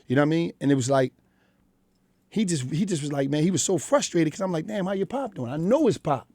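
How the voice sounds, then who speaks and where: A man's voice: on the high side, lively intonation, fast, darkish tone, no echo. A middle-aged man with a Philadelphia accent, talking bluntly and profanely as a radio guest in a studio. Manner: blunt, profane street storytelling. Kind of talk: candid interview talk.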